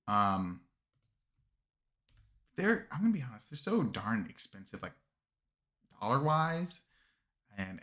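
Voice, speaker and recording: A man hosts a casual livestream with a bright, forward tone. He rambles through fillers and restarts and chuckles often. He sounds close to his desk mic. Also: on the low side. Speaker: streamer reviewing army lists.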